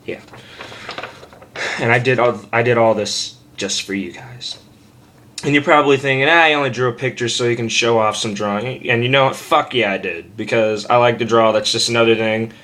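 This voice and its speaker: A young man rambles through a homemade screaming lesson, swearing freely and poking fun at himself, and it sounds like a basic camera mic picked him up at home. His mid-range voice is bright and forceful, delivered at normal speed.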